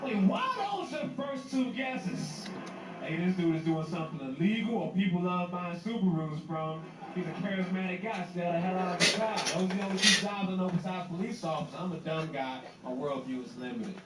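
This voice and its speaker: Brash, sarcastic high-voiced man comic. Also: animated, brisk, very noisy. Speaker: stand-up comedian. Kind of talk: stand-up comedy routine. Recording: echoey room, distant mic, music.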